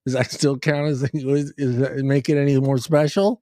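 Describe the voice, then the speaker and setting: A man's voice: medium pitch, flat delivery, normal speed, dark tone, no room sound, clean studio sound. A man co-hosting a casual talk show, laughing and rambling with stammering restarts. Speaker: co-host. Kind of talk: casual banter.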